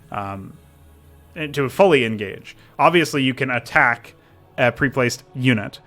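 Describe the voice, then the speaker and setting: A man's voice: mid-range voice, fairly bright tone. A man livestreaming while working on a game mod, talking casually about design and answering chat, with a rambling way of talking full of restarts. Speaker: modding streamer. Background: faint background music.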